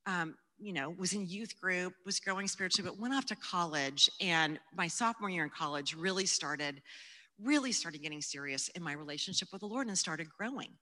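A woman giving a personal testimony and Bible teaching, talking earnestly and conversationally and sometimes dropping to a hush. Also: fairly low pitch, brisk. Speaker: Christian speaker teaching the Bible. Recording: long hall reverb.

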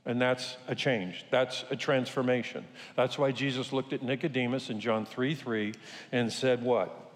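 A man's voice: mid-range voice, steady tone, measured pace. An older man preaching a sermon to a congregation in a conversational, joking way. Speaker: pastor. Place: church sanctuary. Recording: reverberant church hall.

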